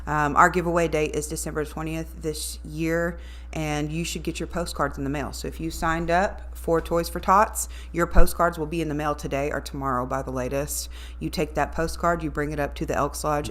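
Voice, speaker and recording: A woman's voice: sits low, fairly even intonation, normal speed, fairly bright tone. A woman, a radio voice talent chatting upbeat as a guest in an interview. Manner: upbeat, chatty, talks to viewers directly. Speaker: radio voice talent and morning show co-host, guest. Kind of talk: casual interview chat.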